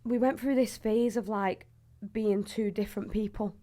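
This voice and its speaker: A woman in her twenties speaks in a northern English accent at a mid pitch. She chats casually and easily, laughing often and stretching out her fillers. She sounds like a footballer guest on a friendly talk show. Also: steady tone, moderate pace, dark tone. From England. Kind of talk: casual chat.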